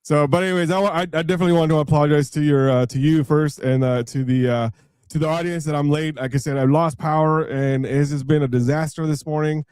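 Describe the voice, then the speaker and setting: Male co-host, a touch high, joking and halting, dry sound. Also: fairly even intonation, a little mellow, smooth, no echo. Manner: joking, teasing, halting fillers. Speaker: radio co-host. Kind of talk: casual radio banter.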